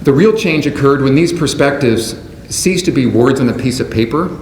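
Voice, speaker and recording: Male keynote speaker, mid-pitched voice, deliberate scripted delivery, roomy hall echo, faint background hum. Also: lively intonation, a little mellow. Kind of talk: prepared speech to an audience. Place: large conference hall.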